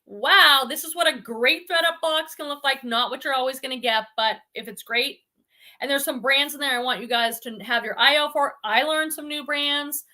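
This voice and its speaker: A chatty woman from the Boston area hosts a live stream and talks casually with her viewers. Her voice sits high and sounds bright and forceful, and she laughs easily between comments. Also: moderate pace. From Boston area, New England. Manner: chatty and bubbly, laughs often. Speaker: host of a reselling livestream.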